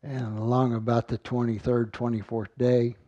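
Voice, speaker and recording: A man's voice: mid-range voice, level tone, moderate pace, warm tone, no room sound, highs cut off. A man giving an earnest sermon, reading scripture aloud and often repeating words as he finds his thought. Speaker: Bible teacher.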